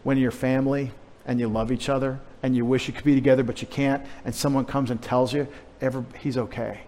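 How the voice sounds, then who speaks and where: A man's voice: medium pitch, little pitch movement, quick pace, darkish tone, a little hiss or hum. Man preaching in a reverberant church. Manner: conversational, emphatic preaching with wry humorous asides. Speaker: pastor. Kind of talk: sermon. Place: church sanctuary. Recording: long hall reverb.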